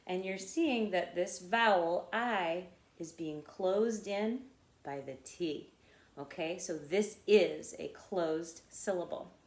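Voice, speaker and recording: A woman teaches young children to read, speaking slowly and patiently in a slightly low voice. She keeps checking in with little "okay?"s and "right?"s. The sound carries the echo of a bare room. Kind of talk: phonics lesson for children.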